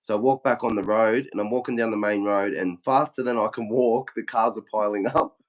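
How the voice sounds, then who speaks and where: A man's voice: lowish voice, brisk, dull audio. A young Australian man casually telling a story, swearing often and acting out what everyone said. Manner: swears a lot, acts out quotes in a flat retelling. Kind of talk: casual chat.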